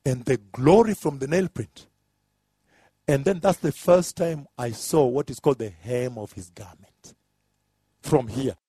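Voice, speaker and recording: A man preaching a sermon, repeating phrases and rising to shouts as he describes what he saw. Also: mid-range voice, husky, dry recording, clean studio sound. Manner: emphatic, repetitive, builds to shouts; describes with gestures, "like this".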